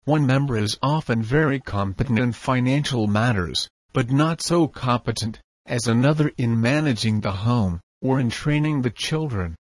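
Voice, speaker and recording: A man's voice: medium pitch, moderate pace, hardly any pauses, no echo. Man reading formal prose, dry sound. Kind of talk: reading a nonfiction text aloud.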